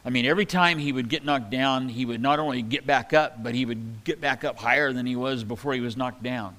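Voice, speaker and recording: A man's voice: mid-range voice, brisk, fairly bright tone. Conversational male preacher in a reverberant hall. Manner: conversational, reads scripture aloud and comments with asides. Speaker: pastor. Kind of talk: sermon.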